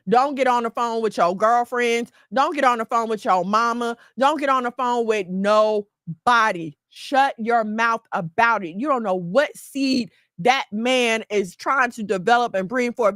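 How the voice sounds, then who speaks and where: High-voiced, emphatic woman. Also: no echo, studio quality. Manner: emphatic and preachy, lively storytelling. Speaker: podcast host. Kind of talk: casual advice talk.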